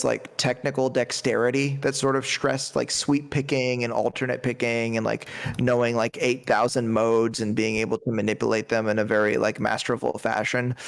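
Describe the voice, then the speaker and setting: Rambling enthusiastic man with gravelly voice. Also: medium pitch. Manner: enthusiastic, rambling, heavy on fillers. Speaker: podcast panelist. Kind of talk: casual music review chat.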